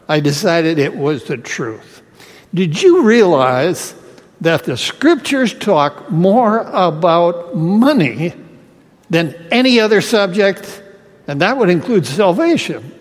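A male pastor with a high voice delivers a sermon at a slow, deliberate pace. He keeps putting rhetorical questions to the congregation. A long reverb trails his words around the hall.

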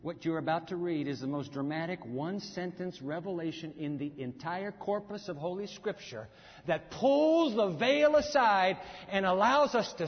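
A man preaching a sermon, dramatic, acting out the scripture characters in lively bursts. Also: high-pitched. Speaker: pastor. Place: church sanctuary. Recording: muffled hall recording with long reverb.

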